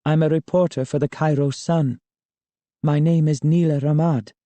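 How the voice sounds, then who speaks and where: Man voicing an eager young woman reporter, higher pitch, quick and polite, storybook, dry. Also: fairly even intonation, mellow, dry recording, lightly acted.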